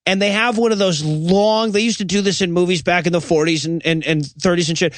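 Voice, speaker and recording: A man's voice: high voice, fairly even intonation, brisk, no echo. A man co-hosting a comedy podcast, recapping movie scenes with mock quotes and frequent laughter. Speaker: podcast co-host. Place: podcast recording.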